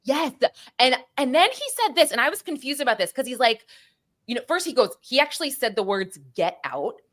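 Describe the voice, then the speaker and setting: A middle-aged woman co-hosting a true-crime chat show, telling stories with lively acted-out quotes. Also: high voice, fast talker. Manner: animated storytelling, acts out quotes. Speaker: podcast co-host.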